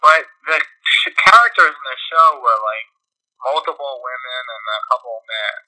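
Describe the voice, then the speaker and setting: Rambling man telling a story, hard bright voice. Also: medium pitch, moderate pace, rough recording. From New York. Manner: rambling, self-deprecating, loses his thread. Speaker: podcast co-host. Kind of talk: casual storytelling chat.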